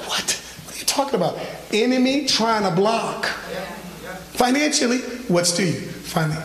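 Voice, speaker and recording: A high-pitched male pastor preaching with animated storytelling, acting out his own conversations. His voice comes from some distance off the mic and rings through a large, echoing church hall with a long reverb tail. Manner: animated storytelling, acts out his own phone calls, laughs along. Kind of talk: sermon with personal story. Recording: echoey church hall from far off.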